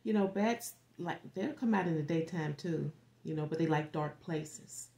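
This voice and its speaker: A woman giving a casual tarot forecast, rambling and animated, dropping to a whisper at times and swearing freely. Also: sits low, moderate pace, creaky. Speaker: tarot reader.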